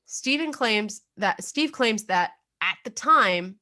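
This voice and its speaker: A woman's voice: mid-range voice, lively intonation, takes it slowly, bright, forceful tone. A young adult woman co-hosting a casual true-crime podcast, chatty and full of fillers, laughing now and then. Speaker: podcast co-host.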